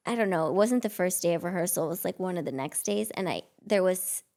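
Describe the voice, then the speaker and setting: The same kind of rambling, filler-heavy storytelling comes from a thirty-something guest actress chatting casually, full of "like." Her voice is fairly low, creaky, a little mellow, and fast.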